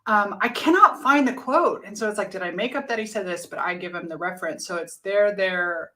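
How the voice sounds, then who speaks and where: A woman coach in casual podcast conversation, animated and freely swearing as she talks. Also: mid-range voice, fairly quick.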